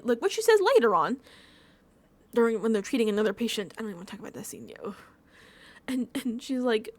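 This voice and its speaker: A woman's voice: on the high side, very animated, quick pace, long pauses, darkish tone. A young woman hosting a casual review show, ranting animatedly with frequent laughs and swearing. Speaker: podcast host reviewing a TV episode. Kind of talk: casual rant.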